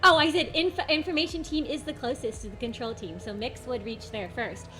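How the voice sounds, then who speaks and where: A woman's voice: on the high side, brisk, sharp tone, soft background music. A woman running a tabletop game as game master, describing scenes in a teasing, playful way over a voice call.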